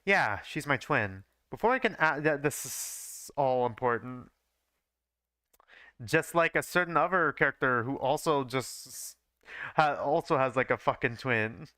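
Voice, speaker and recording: A man's voice: medium pitch, a little slow, sharp tone, clear, resonant tone, no room sound. A young man reads his old fanfiction aloud on a live stream, stumbling over lines and breaking off to swear and mock his own writing. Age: young adult. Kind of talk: live reading with offhand commentary.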